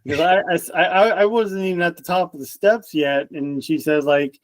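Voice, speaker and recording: A man's voice: on the high side, moderate pace, dry recording. A young man as a podcast guest, recalling funny stories in casual chat and laughing along.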